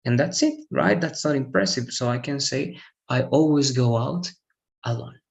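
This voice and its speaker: Over a one-on-one online session, a man teaches English grammar, explaining patiently, repeating himself, and frequently asking "all right?" to check understanding. His voice is mid-range and gravelly at a moderate pace, though the audio quality is poor.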